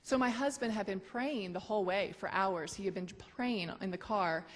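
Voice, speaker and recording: A woman's voice: medium pitch, normal speed. A woman earnestly telling a personal testimony to a gathering, with an emotional storytelling manner. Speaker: guest sharing her testimony. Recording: long hall reverb.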